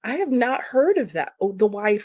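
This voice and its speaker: A woman's voice: fairly high pitch, sing-song, normal speed, darkish tone, no room sound, studio quality. A young woman with an American accent, hosting a casual livestream and chatting with viewers, laughing often as she reads their comments. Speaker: livestream host reading chat.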